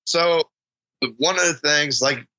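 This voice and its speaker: A man co-hosting a casual hunting chat, rambling and animated, acting out what he said to himself along the way. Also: fairly high pitch, slow, rough recording. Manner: rambling, animated, acts out quotes. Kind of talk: casual chat about duck calling.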